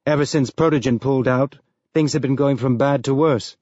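A man's voice: medium pitch, fairly even intonation, fairly quick, darkish tone, no echo, natural voice. A man voicing a jovial, tall male police inspector on a space station, speaking in blunt, sardonic cop banter. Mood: wry. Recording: dull lo-fi dry recording.

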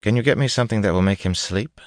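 A man's voice: lowish voice, fast, dry recording, studio quality, voice pushed up, close to an everyday voice. Man doing a blunt, hard-bitten informant. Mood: urgent. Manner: blunt and urgent, cursing. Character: wary, tough male informant, hard-bitten.

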